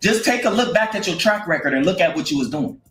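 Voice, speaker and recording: A man delivers blunt, slangy scolding with a lively, swinging pitch. His voice rings in a roomy echo, with faint music playing underneath. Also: quick pace. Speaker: streamer commentator. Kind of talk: casual streaming commentary.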